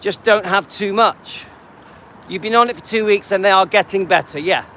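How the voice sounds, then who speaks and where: A man's voice: high-pitched, moderate pace, sharp tone, a little hiss or hum. A man hosting a live stream, casually answering viewers by name and often checking in with "yeah?" and "okay?". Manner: frequent restarts and repetition. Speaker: livestream host.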